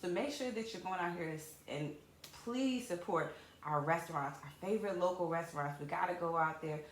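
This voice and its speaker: A woman talk show host and comedian, chatting loudly and rambling. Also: lowish voice, brisk, reverberant, a little hiss or hum. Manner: loud, animated, chatty and rambling. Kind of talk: casual talk show chat.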